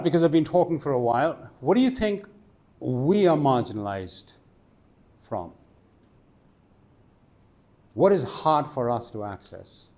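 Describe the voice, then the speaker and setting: A man giving a conference talk in a conversational storytelling way, asking the audience questions as he goes. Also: mid-range voice. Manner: animated, asks the audience questions. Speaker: conference speaker. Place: conference stage.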